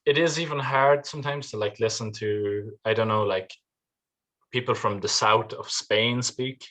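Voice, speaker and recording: Laughing Irish guy chatting as guest. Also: on the low side. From Ireland. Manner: animated, laughs often, quick to react. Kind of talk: casual podcast chat.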